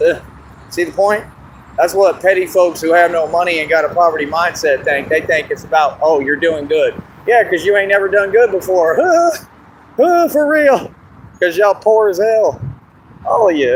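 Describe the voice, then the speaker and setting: A man chatting casually and boastfully on an outdoor livestream, laughing often and going hoarse. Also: sits high, a little hiss or hum, rough recording. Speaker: street performer in costume. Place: outdoors in a park.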